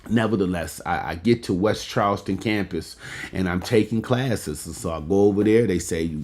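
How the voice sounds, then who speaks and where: A man's voice: sits low, normal speed, darkish tone. A man in his fifties giving a motivational speech with a preacher's cadence, peppering his talk with "amen" and speaking straight to the audience.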